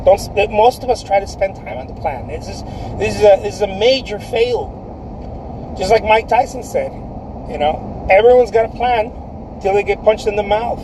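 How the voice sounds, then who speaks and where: A man with a fairly high voice talks casually to his livestream viewers, giving a painter's career advice. He is emphatic, repeats his phrases and keeps calling the listener dude. Faint traffic noise sits behind him. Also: expressive, normal speed.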